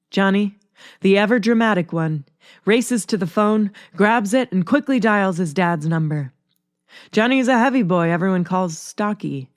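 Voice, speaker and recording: A woman narrating a chapter of a story in a steady, measured way. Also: mid-range voice, no room sound, studio quality. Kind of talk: storybook reading.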